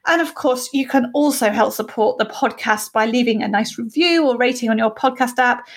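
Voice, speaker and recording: An earnest woman hosts a podcast and thanks her listeners with easy laughter. Her voice sits a little high. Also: moderate pace. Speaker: podcast host. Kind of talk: podcast appeal and interview.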